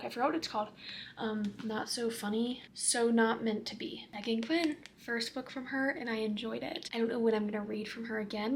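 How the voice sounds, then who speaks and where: A woman's voice: a little high, a little hiss or hum. A young woman chatting casually in a book review vlog, full of fillers, sometimes dropping to a near-whisper. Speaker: book vlogger.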